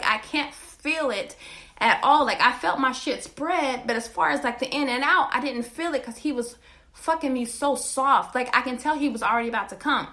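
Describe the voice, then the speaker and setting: High bright-voiced woman telling a crude story. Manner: crude, profane, blunt, animated. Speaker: podcast host. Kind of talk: candid storytelling monologue.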